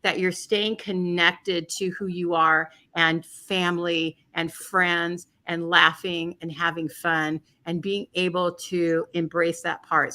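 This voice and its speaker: A bright, forceful woman from California gives an intuitive card reading over a video call. She circles back and repeats her phrases as she reads the cards in a relaxed, chatty way. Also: lowish voice. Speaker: card reader and co-host. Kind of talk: live card reading chat.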